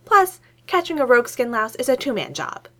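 A woman voicing an excitable young male scientist who gets loud and shrill. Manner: rapid, excitable, voice shooting up.

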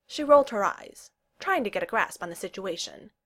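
A woman reading a story aloud as narrator, expressive and unhurried. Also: medium pitch.

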